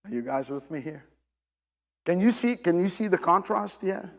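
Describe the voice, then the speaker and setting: Lively high-voiced preacher in a hall. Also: male voice, normal speed, gravelly. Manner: emphatic, repeats and restarts phrases, addresses the congregation directly. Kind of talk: sermon.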